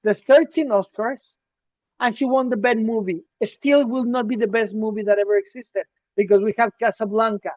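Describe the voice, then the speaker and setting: A man's voice: high voice, fairly even intonation, normal speed, no echo. Ranting man on a dull, dry podcast mic. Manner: emphatic, ranting, shifts loud to soft. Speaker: podcast co-host. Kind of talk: casual podcast chat.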